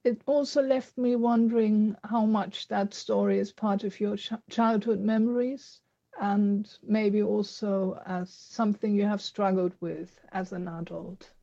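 A woman's voice: medium pitch, steady tone, gravelly, warm tone. A woman earnestly asking a prepared question about a book. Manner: earnest, deliberate. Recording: dull lo-fi recording.

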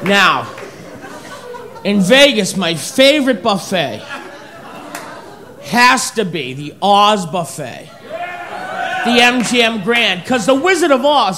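A stand-up comedian doing an exasperated routine, shouting the punchlines at a live show. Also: mid-range voice, sing-song, slow, long pauses, a crowd in the background. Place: comedy stage before an audience. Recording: live show with loud audience laughter.

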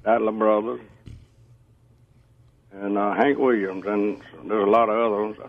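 A man from Georgia, calling into a radio show and chatting in a slow, friendly way. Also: lowish voice, flat delivery, creaky. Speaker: radio caller. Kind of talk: casual call-in radio chat. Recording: tinny phone line.

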